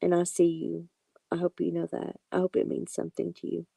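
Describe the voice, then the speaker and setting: A woman with a heavily gravelly, very dark and mellow voice, reassuring her viewers one by one in a casual live-stream chat. The sound is dry and close, and her pitch stays flat and unhurried. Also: no room sound. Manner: reassuring, talks directly to viewers by name. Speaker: tarot reader hosting a live stream.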